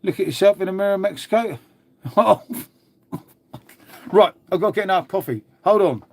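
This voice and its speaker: A man's voice: high voice, moderate pace. A man hosting a casual live stream, chatting to viewers, reacting to comments and calling everyone "mate". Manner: chatty, calls people "mate" constantly. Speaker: livestream host.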